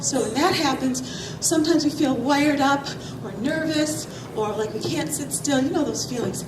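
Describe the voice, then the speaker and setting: A woman's voice: sits high, moderate pace. A woman physical trainer, a little out of breath, teaching kids and adults about healthy eating in an upbeat, coaxing way full of questions. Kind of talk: health talk to kids and families. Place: large hall with an audience. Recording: roomy echo, far from mic, loud crowd noise.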